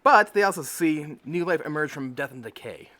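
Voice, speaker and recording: A man co-hosting a podcast, reading notes fairly smoothly and adding wry quips in casual chat. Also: on the high side, expressive, normal speed, bright, forceful tone. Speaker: podcast co-host.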